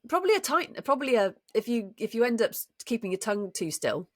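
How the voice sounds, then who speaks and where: In a dry, clean studio recording, a podcast co-host and voice actor talks fast and with great animation about voice acting. Her voice sits a little high, and her casual, chatty explanations are full of enthusiasm and frequent restarts.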